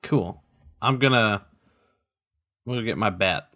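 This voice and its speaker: A man's voice: lowish voice, unhurried, sharp tone. Dry-joking man at a role-play table. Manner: dry, jokey asides. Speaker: player.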